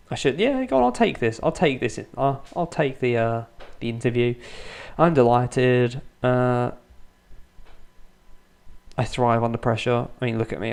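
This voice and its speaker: A man's voice: medium pitch, vocal fry. A man in his thirties doing Let's Play commentary at home at night, keeping his voice down so his sleeping children stay asleep, with dry, self-mocking humour. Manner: restrained, kept quiet so as not to wake his children. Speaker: gaming YouTuber.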